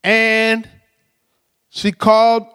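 Male pastor, high voice, chatty storytelling sermon, reverberant church sound. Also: completely flat delivery, drawn-out words, bright, forceful tone, clear, resonant tone. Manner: storytelling, frequent "right?" tag questions. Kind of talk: conversational sermon. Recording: long hall reverb.

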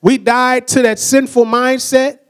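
A young male preacher delivers an animated sermon in a high, bright voice. He acts out the people he quotes and keeps asking the congregation to repeat words after him. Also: measured pace, clear, resonant tone. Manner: energetic, acts out quoted voices, asks the crowd to answer back.

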